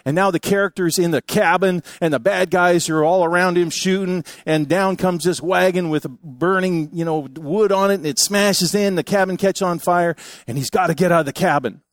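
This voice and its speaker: An older male pastor delivers a sermon with a slightly high voice, full of lively storytelling and folksy asides. The sound is dry and close, with no room echo. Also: normal speed, hardly any pauses.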